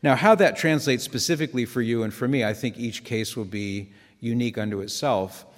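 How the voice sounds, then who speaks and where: A man's voice: medium pitch, a little fast. Male preacher, earnest and conversational, long reverb from a hall. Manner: conversational, earnest, digressive with asides. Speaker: Catholic preacher. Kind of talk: sermon.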